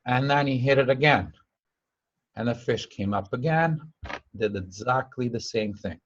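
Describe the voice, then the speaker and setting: A man's voice: mid-range voice, measured pace, dull audio, slight background noise. A man giving an informal spiritual teaching talk. He rambles through stories, repeats himself and uses broken grammar, and raises his voice when he acts out the people he quotes.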